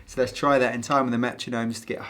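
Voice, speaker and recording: A man's voice: medium pitch, little pitch movement, racing, fairly bright tone. A man teaching drums, patiently explaining sheet music step by step and counting beats aloud. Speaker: drum teacher. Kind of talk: instructional lesson.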